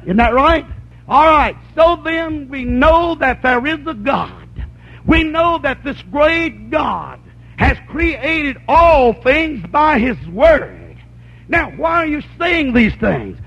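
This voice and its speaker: A man preaching a sermon, slowing down to stress lines, sometimes shouting, and asking listeners for agreement. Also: extremely high pitch, big pitch swings. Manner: preaching with rising shouts and slow emphatic lines; asks the congregation for agreement. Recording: dull lo-fi sermon recording.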